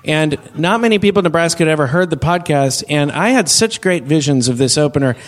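Male podcast host, comedian, slightly high-pitched, rambles and stalls with fillers. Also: animated. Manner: rambling, halting storyteller with many uhs.

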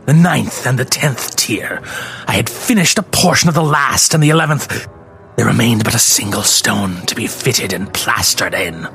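Slow, theatrical male horror narrator. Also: fairly low pitch. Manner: slow, theatrical, dropping to hushed whispers for dread. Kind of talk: dramatic reading of a classic horror story.

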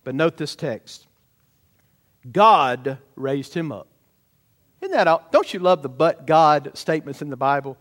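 A man preaching a sermon as pastor in a church, emphatic, with rhetorical tag questions and loud rising peaks. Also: on the high side, unhurried, pauses often. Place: church sanctuary.

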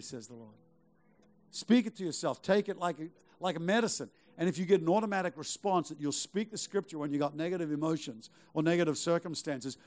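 Preaching a sermon, this middle-aged male pastor pushes his congregation on with rhetorical questions and repeated phrases in an emphatic, exhorting manner. His voice runs on the high side and sounds a little mellow.

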